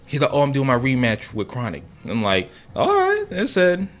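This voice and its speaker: Lively animated male podcast host. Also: mid-range voice, a little fast. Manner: animated storytelling, acts out quotes loudly. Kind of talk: casual chat.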